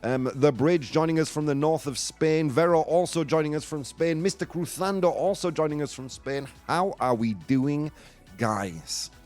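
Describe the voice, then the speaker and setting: A man's voice: fairly high pitch, normal speed, darkish tone, faint music behind. A man hosting a casual live morning show, joking playfully and dropping in Spanish phrases. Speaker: radio show host.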